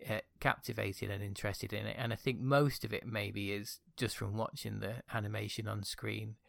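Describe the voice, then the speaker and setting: A man's voice: on the low side, steady tone, moderate pace, gravelly, a bit bright, dry recording, clean studio sound. A man co-hosting a podcast in casual chat, thoughtfully explaining his views at length. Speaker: podcast co-host.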